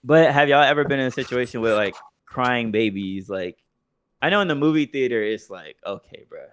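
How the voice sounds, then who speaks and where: A man's voice: mid-range voice, fairly quick, a bit bright, clear, resonant tone. A young man co-hosting a podcast, chatting casually and swearing freely, telling stories with mocking impressions of other people. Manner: profane, loose storytelling with mocking impressions. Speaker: podcast co-host. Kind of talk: casual chat.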